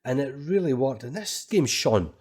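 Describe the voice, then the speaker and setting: A man's voice: mid-range voice, lively intonation, normal speed, darkish tone, husky. A man co-hosting a podcast, talking casually and enthusiastically about retro games. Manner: enthusiastic, chatty, reads quotes aloud. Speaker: podcast co-host. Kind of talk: casual retro gaming chat.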